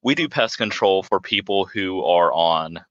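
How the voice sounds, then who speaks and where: A man's voice: low voice, expressive, unhurried, fairly bright tone, dry recording, highs cut off. A man co-hosting a podcast, chatting casually and telling a story with some hesitation. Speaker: podcast co-host. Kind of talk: casual chat.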